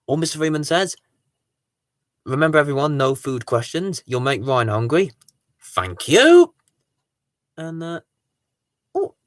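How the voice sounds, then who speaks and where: A host of a live Q&A stream, greeting viewers and reading their comments aloud in an excitable, sing-song way. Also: medium pitch, no echo, clean studio sound.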